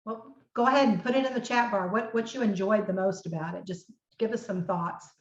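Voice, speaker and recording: A woman's voice: medium pitch, brisk. A woman hosting a live online chat, inviting the audience to share their thoughts. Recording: roomy, dull call audio.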